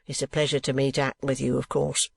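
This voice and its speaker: A man's voice: mid-range voice, monotone, fast, gravelly, husky, dry recording. A man voicing a coarse, evasive middle-aged schoolmaster who talks in ungrammatical rustic speech and pleads his way around hard questions. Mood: wheedling.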